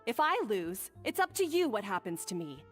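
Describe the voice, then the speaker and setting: A proud, combative young chef. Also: female voice, medium pitch, big pitch swings, moderate pace, a bit bright. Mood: defiant. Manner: curt and combative. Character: proud, defensive young female head chef. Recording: reverberant game audio with music.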